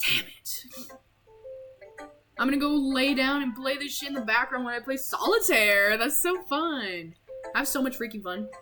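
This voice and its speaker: A young woman chats casually on a game stream, rambling and giggly in a playful way. Her voice sits a little high, and soft music hums faintly behind her. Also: moderate pace, rough recording. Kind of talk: casual live-stream chat while playing a game.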